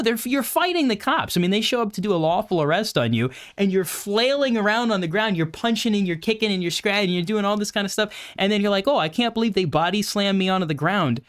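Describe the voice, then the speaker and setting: A young man hosting a podcast, giving opinionated political commentary in a sarcastic, mocking way. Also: high-pitched. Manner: sarcastic, mocking, animated with put-on quote voices. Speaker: podcast host.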